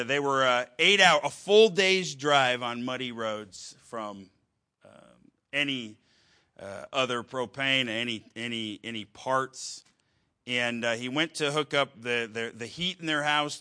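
A man preaching a sermon, telling a story with halting restarts and wry humor. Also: medium pitch, bright, forceful tone, clean tone.

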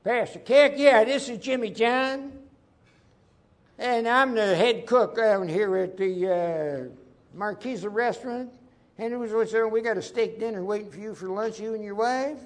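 A preacher voicing a man posing as a cheerful restaurant cook, with a put-on Southern accent and a high, loud, eager delivery. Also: unhurried.

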